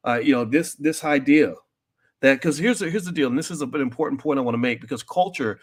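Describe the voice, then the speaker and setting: A man hosting a commentary show, talking bluntly and directly to his audience, with many restarts and loud, high-pitched outbursts when worked up. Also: expressive, fast, slightly rough. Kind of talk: opinionated commentary to an online audience.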